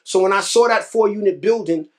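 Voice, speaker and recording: A man from New York, a real estate investor, telling his story in an animated interview, repeating phrases and acting out other people's words. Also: sits high, brisk. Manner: animated, repeats phrases, acts out quoted voices.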